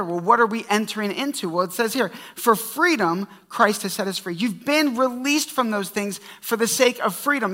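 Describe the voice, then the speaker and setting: Bright-voiced male pastor in a reverberant hall. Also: high voice. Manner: conversational storytelling preaching with humor. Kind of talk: sermon.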